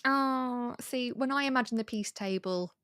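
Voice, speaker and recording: Bright, playful woman host. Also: fairly high pitch, moderate pace, clear, resonant tone, no room sound, clean studio sound. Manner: playful, giggly, teasing. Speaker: podcast host. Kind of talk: casual interview chat.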